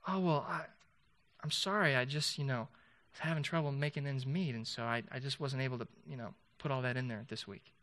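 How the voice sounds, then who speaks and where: A man's voice: medium pitch, a little fast, a bit bright, natural voice. A man voicing a hesitant, apologetic worker who has fallen short on money. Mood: sheepish. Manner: hesitant, sheepish.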